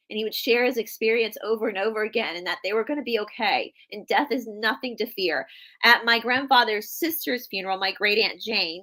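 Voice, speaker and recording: A young woman tells a heartfelt story over a video call. She speaks earnestly and in a casual, chatty way, often starting her sentences over. Her pitch sits in an ordinary middle range. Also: bright, forceful tone. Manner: earnest storytelling with many restarts. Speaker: podcast co-host. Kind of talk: casual live-stream chat.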